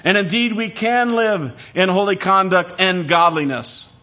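Male pastor preaching, emphatic and measured, a bit high-pitched, on a muffled lo-fi recording. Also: bright, forceful tone. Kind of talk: sermon. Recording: dull lo-fi recording.

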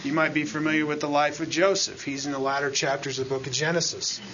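A man's voice: on the high side, steady tone, fast, fairly bright tone, dull audio, slight background noise. A man teaching a Bible lesson as a sermon, speaking conversationally and often asking the congregation "right?" and "amen?". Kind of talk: expository sermon.

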